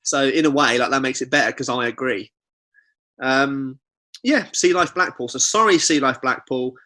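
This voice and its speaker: A man's voice: medium pitch, moderate pace, sharp tone. A young man co-hosting a comedy podcast, chatting casually and reading reviews aloud with joking asides. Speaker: podcast co-host.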